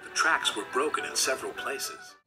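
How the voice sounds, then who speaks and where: A man narrating a storybook reading in an expressive way, with a few slips. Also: mid-range voice, normal speed. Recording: roomy, distant, loud music behind.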